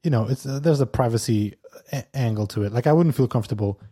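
A man's voice: mid-range voice, fast, warm tone, husky. A man hosting a weekly podcast, chatting casually with a co-host, laughing often and restarting his sentences.

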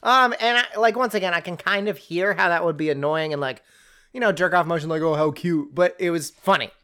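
A co-host chatting casually about a book in an animated, rambling way, often restarting sentences. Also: medium pitch, brisk, smooth. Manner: animated and rambling, breaks into quoted voices, many restarts. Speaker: podcast co-host reviewing a book. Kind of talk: casual chat.

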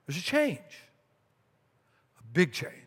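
A middle-aged man preaches from the stage of a church, his fairly high voice carrying a long reverb through the sanctuary. He tells a story with repeated phrases and lively asides, speaking into a stage microphone. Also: slow, husky. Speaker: pastor. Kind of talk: sermon.

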